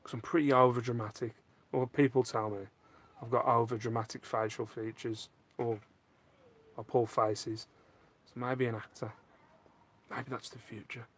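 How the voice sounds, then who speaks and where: A male live streamer sits in his home loft answering viewer questions he reads out, cracking self-deprecating jokes along the way. He speaks at a moderate pace in a mid-range voice with a breathy edge and little pitch movement, leaving long pauses.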